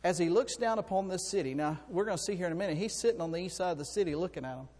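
A man preaching a sermon, swinging from quiet storytelling to loud, impassioned passages and often repeating words. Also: high-pitched, racing. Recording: long hall reverb.

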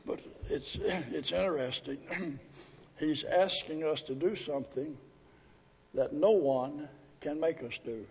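A man preaching a sermon as pastor, pleading and emphatic, drawing out scripture verses slowly. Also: mid-range voice, mellow, breathy edge. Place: church sanctuary. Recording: echoey hall with long reverb.

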